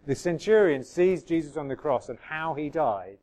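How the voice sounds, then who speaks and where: A man's voice: a little high, animated, normal speed, darkish tone, rough recording. A man preaching a sermon in a conversational way, reading scripture aloud and musing with restarts and asides to the congregation.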